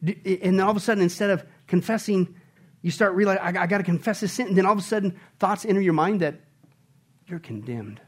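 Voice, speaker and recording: A man with a high-sitting, breathy voice preaches a sermon as pastor at a quick pace. He's emphatic, firing rhetorical questions at the congregation and shifting between quiet, intimate stretches and loud, exclaiming peaks.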